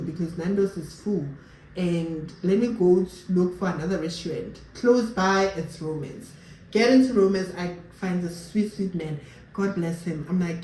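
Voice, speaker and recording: This young South African woman vlogs in a South African accent, talking casually to her viewers and mixing Sesotho phrases into her English. Her voice sits on the low side with a darkish tone. The recording sounds roomy, with faint background noise.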